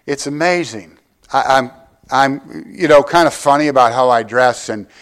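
Older male pastor preaching. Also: on the high side. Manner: conversational preaching with humor and rhetorical questions. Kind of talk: sermon.

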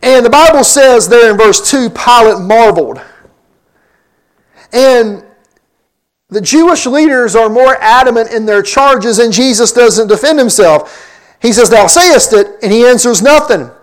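A man's voice: extremely high pitch, expressive, measured pace, rough recording. A man preaching a sermon, teaching from scripture verse by verse and acting out the lines he quotes. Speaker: pastor.

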